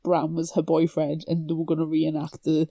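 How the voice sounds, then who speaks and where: A young adult woman co-hosting a podcast, chatting casually about a book, animated and quick to laugh and slip into quoted voices. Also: low-pitched, creaky, no echo. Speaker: podcast co-host. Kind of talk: casual book-discussion chat.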